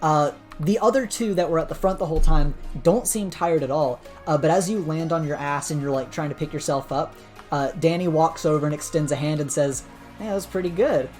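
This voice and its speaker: Brief: low-pitched woman game master narrating a role-play, casual and rambling, soft music behind. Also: fairly quick. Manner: casual, filler-heavy narration.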